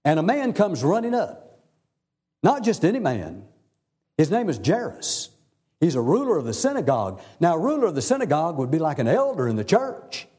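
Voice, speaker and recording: A man's voice: huge pitch swings, moderate pace, dark tone, breathy edge. A man preaching a sermon, telling Bible stories in a folksy way. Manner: folksy storytelling preacher, swinging pitch for emphasis.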